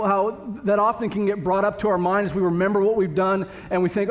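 Speaking briskly in a high, fairly flat voice, this pastor delivers an earnest sermon to his congregation that builds into emphatic repetition. The setting is a church sanctuary, and the audio carries the long reverb of a hall.

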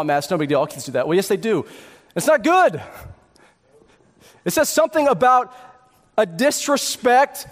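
A man's voice: very high voice, long reverb tail. A man in his thirties or forties preaching a sermon, earnest, building to emphatic peaks with repeated words. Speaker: pastor.

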